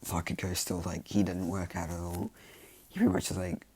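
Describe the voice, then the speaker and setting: A man's voice: low voice, flat delivery, a little fast, a little mellow, breathy edge. A man casually improvising a fan story, rambling with lots of fillers and self-corrections.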